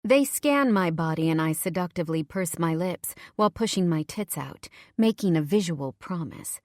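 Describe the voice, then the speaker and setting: A woman reading a first-person audiobook in a measured, low-key way. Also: lively intonation, darkish tone, dry recording, studio quality. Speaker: audiobook narrator.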